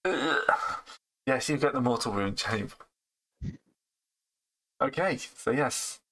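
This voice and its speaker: A man's voice: medium pitch, lively intonation, slow, a bit bright, a little hiss or hum, poor audio. A man running a tabletop game over voice chat, narrating rolls and turns in a matter-of-fact way. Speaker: game master.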